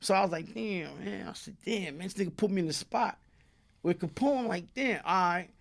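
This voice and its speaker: Man, New York accent, high voice, profane, casual storytelling, interview guest. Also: animated, moderate pace, gravelly. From Brooklyn, New York. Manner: streetwise, profane, tag questions like "you heard?".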